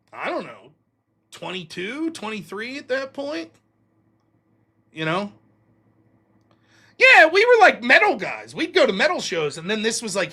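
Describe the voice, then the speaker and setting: High bright-voiced guy rambling thru a swear-heavy story on his stream, pitch jumping all over. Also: breathy edge. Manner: profane, rambling anecdotes. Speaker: live stream host. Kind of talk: casual storytelling.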